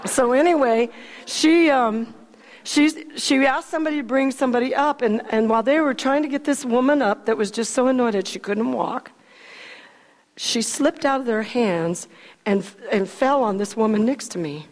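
A high-voiced woman tells a personal story to a crowd. She is chatty and laughs a lot, stumbling over and restarting her sentences. Her voice rings out with a long reverb, as if in a large hall. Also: normal speed. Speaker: speaker telling a testimony.

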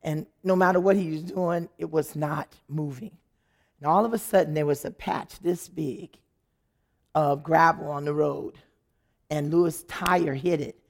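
A woman giving an animated, dramatic personal testimony, acting out the people in her story. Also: low-pitched, a little slow, creaky.

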